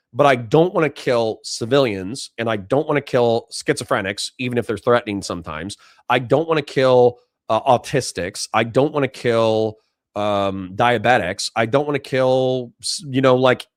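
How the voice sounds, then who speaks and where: A man's voice: mid-range voice, no room sound, studio quality. A young man hosting a livestream, reading viewer messages aloud and answering them bluntly with plenty of swearing. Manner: blunt, profane, reads donations aloud in mock voices. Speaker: livestream host reading chat. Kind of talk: casual livestream chat.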